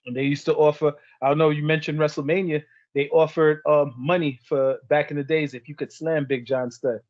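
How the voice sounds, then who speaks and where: Guy on a podcast hyping up old stories, kinda high voice, muffled lo-fi audio. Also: brisk, no echo. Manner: animated storyteller acting out quotes. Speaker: podcast co-host. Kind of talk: casual chat.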